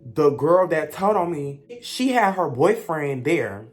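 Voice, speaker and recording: A woman's voice: low voice, big pitch swings, slow, darkish tone, faint music behind. A young woman, telling a blunt, gossipy storytime rant as a vlogger.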